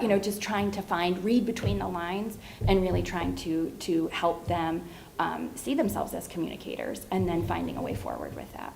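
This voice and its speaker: A woman's voice: lowish voice, expressive, moderate pace, vocal fry, a little mellow, poor audio. A woman speaking on a library discussion panel as a speech therapist. She explains her methods patiently and in detail, and now and then acts out a child's short phrases. A faint hiss of noise sits behind her voice.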